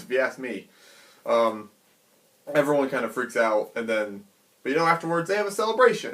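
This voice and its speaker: A man casually retelling a comic chapter in an animated, chatty way, acting out the characters' quotes. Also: medium pitch, moderate pace. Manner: animated, chatty, many fillers. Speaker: manga reviewer.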